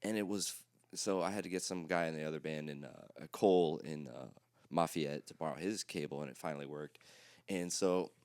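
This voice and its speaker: A man co-hosting a podcast, telling a story in casual chat, profane and animated, acting out his own reactions. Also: very deep voice, brisk, smooth, dry recording, clean studio sound. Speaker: podcast co-host.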